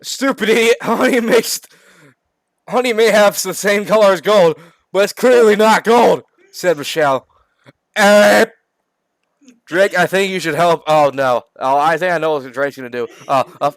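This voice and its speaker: Brief: high-voiced young man, dry close sound, reads aloud and keeps swearing in disbelief. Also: moderate pace, no room sound. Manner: incredulous, swearing constantly. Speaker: reader reacting to a comedy book. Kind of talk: reading aloud with comic commentary.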